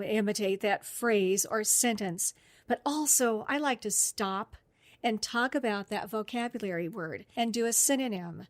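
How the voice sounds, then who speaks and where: A woman's voice: mid-range voice, no echo. Woman explaining therapy methods, dry close sound. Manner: friendly, explanatory, with occasional laughs. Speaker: speech therapist presenting professional development. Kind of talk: instructional podcast talk.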